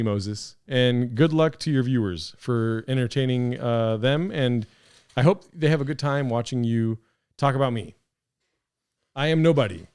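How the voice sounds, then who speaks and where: Sarcastic male streamer, smooth voice. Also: medium pitch, darkish tone. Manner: dry, sarcastic, rambling. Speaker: streamer reacting to clips. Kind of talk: casual reaction stream.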